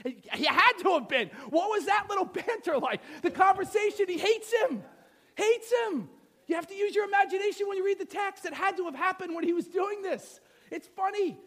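A man's voice: extremely high pitch, a bit bright. A middle-aged male pastor preaching a sermon, telling the story with playful asides and acting out the scenes.

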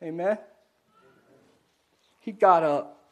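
A man giving a conversational sermon to a live congregation, animated and questioning the audience, often stumbling and repeating words. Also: high voice, extremely slow. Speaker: pastor. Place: church before a live congregation.

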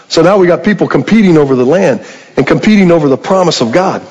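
A man's voice: sits high, quick pace, darkish tone, long reverb tail, lo-fi sound. A man preaching a sermon, retelling a story in a conversational way and asking the congregation rhetorical questions.

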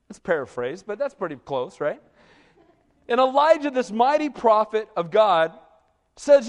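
A man's voice: very high-pitched, normal speed, big-room sound. A man preaching a sermon as a pastor, talking conversationally and often tossing "right?" to the congregation. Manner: animated, conversational preaching with frequent "right?" asides. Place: church.

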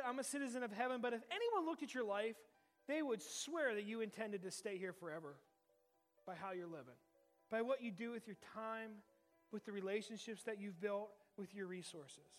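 A man in his thirties, a pastor delivering a sermon in a conversational style, repeating key lines for emphasis. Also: high voice. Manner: conversational preaching with emphatic repetition.

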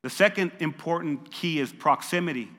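Older pastor, high bright voice, hall echo. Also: male voice, moderate pace. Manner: emphatic, repeats phrases for stress. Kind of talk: sermon. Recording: long reverb of a large hall.

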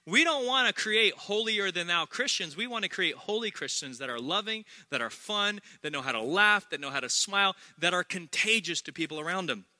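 A man preaching a sermon as pastor, energetic and humorous, repeating key phrases for emphasis. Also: high voice, fairly quick, hardly any pauses, no room sound.

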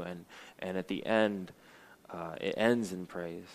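Low, flat-voiced young man preaching. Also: slow pace, low-quality recording. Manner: earnest, with frequent fillers and restarts. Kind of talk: sermon with scripture reading.

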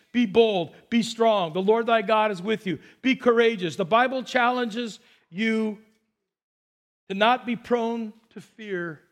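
High-voiced animated male preacher. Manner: animated storytelling with quoted dialogue, shifting from excited to hushed. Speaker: pastor. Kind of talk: sermon.

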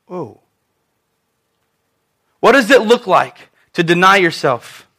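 A man preaching a sermon in church, talking in an animated, conversational way with asides to the congregation. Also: sits high, slow pace. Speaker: pastor.

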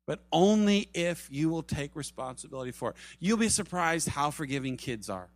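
A middle-aged man preaching a sermon, earnest, swinging from loud urging to soft, low asides. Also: lively intonation, normal speed, dry recording, faint music behind. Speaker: pastor.

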